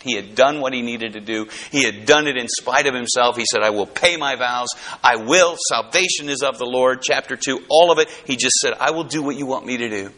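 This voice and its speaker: Bright-voiced man preaching a lively sermon. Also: medium pitch. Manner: animated, swinging from hushed to emphatic. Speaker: pastor.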